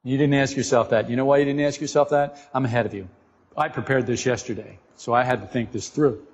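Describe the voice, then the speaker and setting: A man giving an informal spiritual talk to a group, animated and joking, often asking his listeners questions. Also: mid-range voice, quick pace. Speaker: esoteric teacher. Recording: dull lo-fi recording in a reverberant room.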